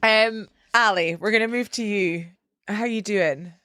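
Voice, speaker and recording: A woman's voice: medium pitch, measured pace, bright, forceful tone, clean tone, dry recording. A woman hosting a podcast, encouraging her guests and laughing often. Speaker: podcast host. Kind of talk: casual podcast chat.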